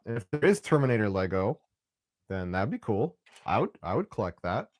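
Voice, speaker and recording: A man's voice: lowish voice, sing-song, moderate pace, no echo. Rambling man chatting while building. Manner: rambling, frequent restarts and throat clearing. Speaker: live stream host building Lego. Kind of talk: casual live stream chat.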